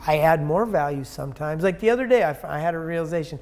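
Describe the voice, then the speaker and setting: Man, high pitch, interview guest; blunt, profane, emphatic, rambling. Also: expressive, fast talker, darkish tone. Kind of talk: casual conversational interview.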